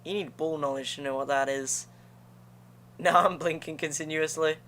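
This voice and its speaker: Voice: mid-range voice, steady tone, measured pace, fairly bright tone. A young adult streamer giving casual, slangy commentary to viewers while playing a game. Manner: slangy, chatty, talks to viewers between attempts. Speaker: gaming streamer.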